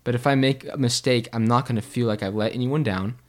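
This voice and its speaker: A man's voice: medium pitch, fast. A young man co-hosting a casual faith podcast, telling a personal story in an earnest, reflective way. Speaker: podcast co-host.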